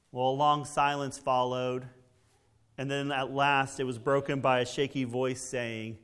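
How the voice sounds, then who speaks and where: A man's voice: mid-range voice, little pitch movement, a little slow, a bit bright, clean tone. A man preaching a sermon in a conversational way, with fillers and frequent check-ins with the congregation. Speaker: pastor.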